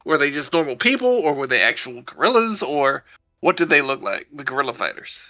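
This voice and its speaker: A man playing a tabletop game, chatty and quick with out-of-character asides. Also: on the high side, muffled recording, soft background music. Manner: chatty, restarts, excited asides. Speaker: player.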